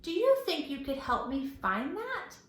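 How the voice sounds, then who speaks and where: A woman's voice: high voice, very animated, unhurried, a bit bright, echoey room, pitched above the performer's own voice, heavily acted. A woman reading a storybook aloud, voicing an earnest, polite little boy in a raised voice.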